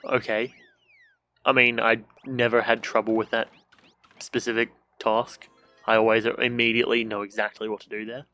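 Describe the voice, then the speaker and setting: A man's voice: medium pitch, a bit bright. A young man streaming a video game from a room at home, casual let's-play commentary, joking, swearing and making silly sound effects.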